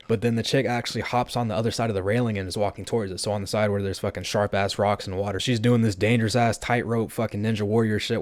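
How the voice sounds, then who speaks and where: A man's voice: lowish voice, no room sound, clean studio sound. A brash young man in his twenties, telling a story on his vlog with lots of swearing. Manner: brash, profane, rapid-fire. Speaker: vlogger.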